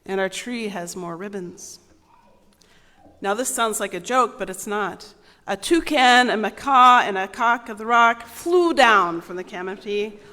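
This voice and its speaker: A woman's voice: mid-range voice, a little slow, bright, forceful tone. Woman reading a story in a big echoing hall. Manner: playful, asks the children questions. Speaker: children's story reader at a church service. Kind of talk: reading a picture book aloud to children. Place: large sanctuary. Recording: long reverb in a large hall.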